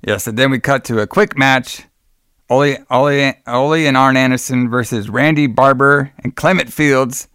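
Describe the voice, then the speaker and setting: A man's voice: medium pitch, fairly even intonation, normal speed, a bit bright, clean tone, no room sound, clean studio sound. A man co-hosting a podcast in casual chat, blunt and swearing freely. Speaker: podcast co-host.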